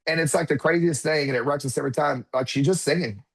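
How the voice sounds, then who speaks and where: A man's voice: fairly high pitch, fast, vocal fry, breathy edge. A man in his thirties, a podcast guest, telling a personal story in conversation and acting out what his children said. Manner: animated, acts out quotes of his children.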